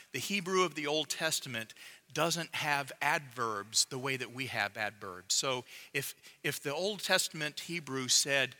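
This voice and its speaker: Slow, bright-voiced male preacher. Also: mid-range voice. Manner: measured, emphatic, with quiet drops for emphasis. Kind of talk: sermon.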